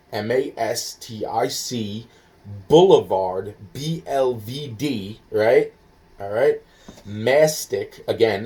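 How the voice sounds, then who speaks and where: A man on a phone call, rambling and halting, full of fillers and swearing, slowly spelling things out while sounding foggy and hungry. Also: mid-range voice, dark tone, recorded from a distance. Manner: halting, filler-heavy, scattered. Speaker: caller.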